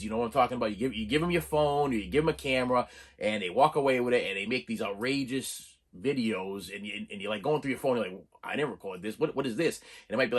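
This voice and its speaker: A man's voice: mid-range voice, a bit bright, breathy edge. A middle-aged man hosting a casual movie-haul video, rambling along with frequent restarts, stammers and chuckles. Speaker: channel host reviewing a movie haul. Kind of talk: casual chat to camera.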